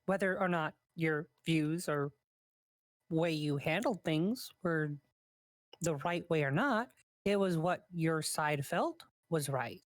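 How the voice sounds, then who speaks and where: Dry, low-voiced woman role-playing. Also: slow pace, no echo. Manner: reassuring, talks through her character's actions. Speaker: role-play player. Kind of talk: in-character role-play chat.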